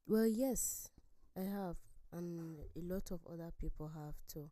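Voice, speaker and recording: A woman panelist on a talk show, speaking in an emphatic, animated way with frequent laughter. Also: lowish voice, unhurried, no echo. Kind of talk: casual studio chat.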